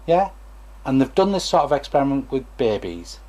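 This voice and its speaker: A man's voice: medium pitch, sing-song, a little fast. A former stammering therapist, a man, gives a chatty, digressive talk to camera and acts out examples as he goes.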